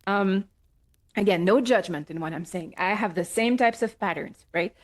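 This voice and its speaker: A middle-aged woman speaks as a life coach in a casual, reflective advice talk. Her voice sits at an ordinary middle pitch, and she pauses often, checking in with her listener in a gentle way. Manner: gentle, reflective, many "right?" and "um" fillers.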